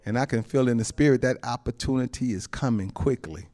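A man preaches fairly quickly, peppering the sermon with amens and chuckles. His voice drops to soft, low asides and rises to loud, high exclamations.

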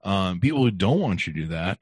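A man in his fifties hosts a podcast interview with a very low, deep voice. He talks casually, stalls and repeats words while he gathers his thoughts. The sound is dry and close, with no room echo. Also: sing-song, fairly quick, a little mellow, slightly rough. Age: 50s. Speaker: podcast host.

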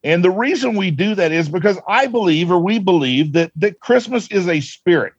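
A man's voice: sits high, lively intonation, normal speed, slightly rough, no echo. A man who works as a Santa performer, talking in a folksy, jovial and earnest way during a casual interview. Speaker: professional Santa performer, guest. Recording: slightly dull, lo-fi sound.

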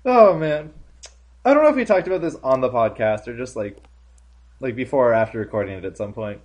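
A man's voice: mid-range voice, expressive, brisk, darkish tone. A man co-hosting a podcast in casual chat, amused and joking, laughing often. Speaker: podcast co-host.

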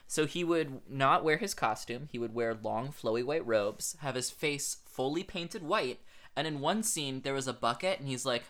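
A man co-hosting a podcast, telling a story in a chatty, animated way. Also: medium pitch. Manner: animated, chatty, quick asides. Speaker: podcast co-host. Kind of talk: casual storytelling chat.

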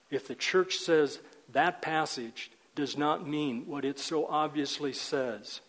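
An older man teaches a men's Bible group in an earnest, emphatic sermon style, sometimes repeating his words. His voice sits a little high for a man. A long reverb trails after each phrase, as in a large hall.

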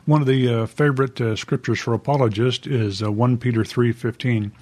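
A man with a steady, middle-pitched voice hosts a casual podcast interview. He poses questions and reads passages aloud at a slow pace. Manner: asks questions, reads scripture aloud slowly. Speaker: podcast host.

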